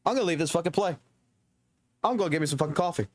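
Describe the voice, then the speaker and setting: A man's voice: fairly high pitch, expressive, rapid-fire. Profane ranting male streamer. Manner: profane, emphatic, repeats himself. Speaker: game streamer. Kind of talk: casual ranting to chat.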